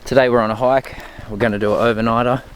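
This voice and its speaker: A man's voice: medium pitch, steady tone, quick pace. Aussie man, hiking vlogger, winded, outdoor mic with faint noise. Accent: Australian. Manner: breathless between phrases, talking while climbing. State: out of breath. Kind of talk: casual vlog narration. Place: outdoors on a steep mountain trail.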